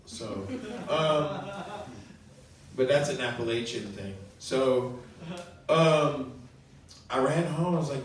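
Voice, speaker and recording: A middle-aged man from Colombia doing open mic stand-up and chatting with the crowd, with a halting, rambling delivery full of ums and little laughs. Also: medium pitch, slight background noise. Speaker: stand-up comedian. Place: comedy club room. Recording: echoey room, mic far off.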